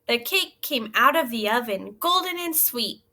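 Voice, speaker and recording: A woman teaching young children in a recorded lesson, reading a story aloud and asking gentle, encouraging questions. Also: fairly high pitch, expressive, unhurried. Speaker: elementary school teacher.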